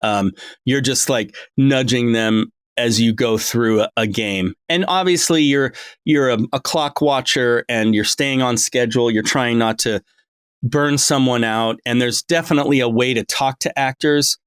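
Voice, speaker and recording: A man's voice: medium pitch, unhurried, a bit bright, clean tone, dry recording. A middle-aged man talking as a voice director in a casual interview, rambling and full of ums and restarts. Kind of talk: casual long-form interview. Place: his home.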